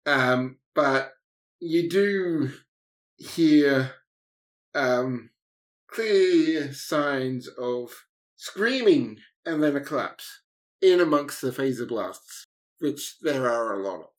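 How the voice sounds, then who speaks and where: Game master, slow unhurried delivery, hesitant with fillers, tabletop narration. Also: mid-range voice, expressive. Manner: hesitant, many fillers and pauses.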